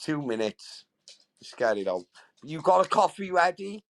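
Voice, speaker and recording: Brash sweary lad, raised voice. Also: male voice, fairly high pitch, big pitch swings, normal speed, rough recording. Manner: brash and sweary, keeps tagging lines with bro and right. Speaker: livestream host. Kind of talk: rowdy livestream banter.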